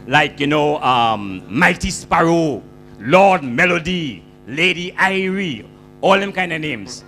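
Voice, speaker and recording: A man with a Grenadian accent telling comic stories in a stand-up monologue, with a lilting, animated delivery and drawn-out punchlines. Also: a little high. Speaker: comedian storyteller.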